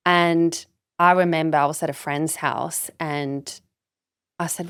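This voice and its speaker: A woman's voice: deep voice, little pitch movement, moderate pace, clean tone, no echo, studio quality. A woman from Sweden, a business coach talking as a guest on a podcast, candid and emphatic, swearing freely and leaning on "like" and "you know". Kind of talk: casual podcast interview.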